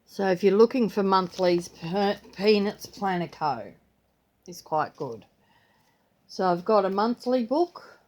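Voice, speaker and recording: An older woman chatting in an easygoing, rambling way. She talks at a slow, unhurried pace and breaks into playful voices whenever she repeats what someone said. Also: mid-range voice, lively intonation, darkish tone. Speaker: vlogger. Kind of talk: casual chat.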